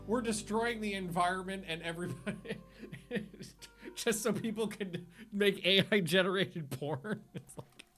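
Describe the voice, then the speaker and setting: A man's voice: sits high, fairly bright tone. A man streaming a game, chatting casually in a rambling way, often stopping himself mid-sentence and laughing at his own stories. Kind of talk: casual gameplay livestream chat.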